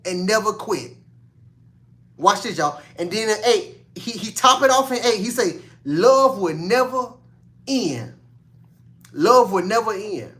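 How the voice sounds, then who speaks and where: High-voiced man preaching casually. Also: a bit bright. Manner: conversational, repeats lines for emphasis, reads scripture slowly. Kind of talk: casual sermon.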